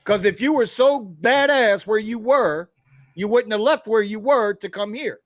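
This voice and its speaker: A man's voice: sits high, unhurried, dry recording, clean studio sound. A man from Florida, co-hosting a casual talk show, ranting bluntly with plenty of profanity. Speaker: podcast co-host. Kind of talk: casual chat.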